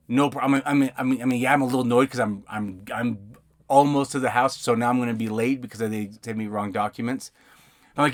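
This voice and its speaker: A man's voice: mid-range voice, steady tone, a little fast. A man hosting a podcast about notary work, telling stories casually from inside his van. He rambles, repeats words and acts out other people's lines as he goes. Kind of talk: casual storytelling monologue.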